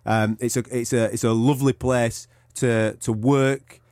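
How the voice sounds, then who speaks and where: A man's voice: mid-range voice, flat delivery, measured pace, a little mellow, no echo. A man from England, but not from Liverpool, co-hosts a casual podcast. He spins yarns with lots of swearing and breaks into other people's voices. His voice sits mid-range and is recorded dry and close. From England, outside Liverpool. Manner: swearing, storytelling, acts out other people's lines. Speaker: podcast co-host. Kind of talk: casual chat.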